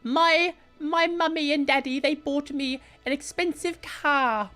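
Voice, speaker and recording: A man's voice: extremely high pitch, a little slow, bright, forceful tone, faint music behind, full character voice. A man putting on a posh, spoiled rich Australian in a cultivated Australian accent, played back from a video. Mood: smug.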